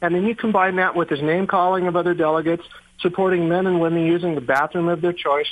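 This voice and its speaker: Male radio caller, earnest and apologetic, phone-line sound, slightly high voice. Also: steady tone, fast, a little hiss or hum. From Oregon. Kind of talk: phone-in call. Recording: tinny phone line on speakerphone.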